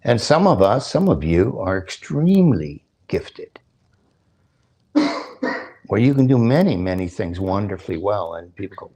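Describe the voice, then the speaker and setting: Warm, slightly rough, and lowish, the older temple speaker's voice swings widely in pitch at a slightly slow pace. His sermon explains scripture and includes chanted verses, questions for listeners, and the odd joke with a chuckle.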